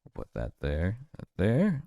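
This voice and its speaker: A man casually talking through a card pack unboxing, relaxed and chatty, thinking aloud as he goes. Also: sits low, a little slow, no room sound, clean studio sound. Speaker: card collector streamer.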